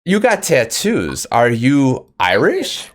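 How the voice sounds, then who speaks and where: Lively, animated male stream host. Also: mid-range voice, slow. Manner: lively, swears casually, reads out chat. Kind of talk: casual livestream interview.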